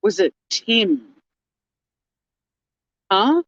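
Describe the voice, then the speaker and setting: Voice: medium pitch, big pitch swings, drawn-out words, fairly bright tone, no echo. A livestream host, chatting casually with viewers and reading chat, swearing freely and laughing often. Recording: dull lo-fi dry sound.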